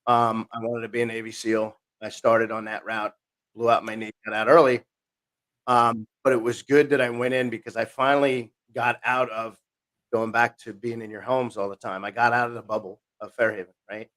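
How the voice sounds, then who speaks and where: This podcast guest, a man in his 50s from New Jersey, USA, rambles through his life story at a moderate pace in a mid-range voice. He keeps interrupting himself and animatedly voices the people he quotes.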